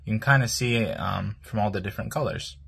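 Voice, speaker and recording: A man with a low, husky voice walks through a language lesson, explaining each part of a word. He talks in a hesitant, explanatory way, with plenty of fillers and pauses. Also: fairly bright tone. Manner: explanatory, hesitant with many ums. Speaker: language teacher.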